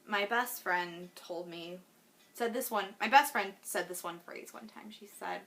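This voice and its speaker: Bright-voiced earnest woman vlogger. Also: medium pitch, measured pace. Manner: earnest, heartfelt, rambling with fillers. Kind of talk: personal video diary.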